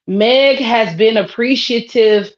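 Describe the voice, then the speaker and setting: A woman's voice: fairly high pitch, takes it slowly. A woman co-hosting a casual podcast chat, ranting heatedly with heavy profanity. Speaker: podcast co-host. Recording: dull lo-fi sound.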